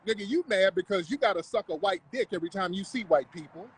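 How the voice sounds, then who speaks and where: A man's voice: high voice, fast, slightly rough, poor audio. A man hosting a livestream, talking in a confrontational, mocking, profane rant. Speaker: livestream host. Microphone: live stream mic.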